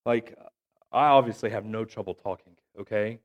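A man's voice: lowish voice, moderate pace, muffled recording. A man in his thirties with a cough, preaching a conversational sermon as a pastor and checking in with the congregation after nearly every point. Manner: chatty, keeps checking in with "okay?" and "right?". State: has a cough.

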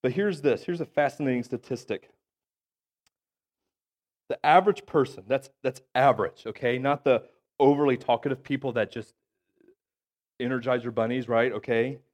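A man's voice: mid-range voice, normal speed, long pauses, darkish tone. Guy pastor in his 30s, bit of a cough, chatty sermon, keeps asking okay? right?. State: has a cough. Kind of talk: conversational sermon.

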